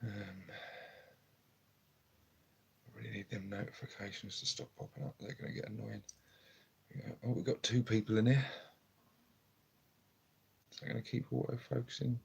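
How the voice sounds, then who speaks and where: A man chatting quietly and casually on a live stream at home, filmed on his phone, rambling with lots of ums. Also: fairly low pitch, steady tone, moderate pace, gravelly, pauses often, husky, dull audio. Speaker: hobby streamer. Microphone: phone camera.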